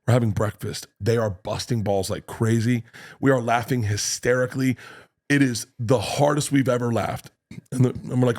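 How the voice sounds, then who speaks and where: A male comedian guest telling a profane, animated story on a podcast. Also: mid-range voice. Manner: animated, swearing, quick storytelling with restarts.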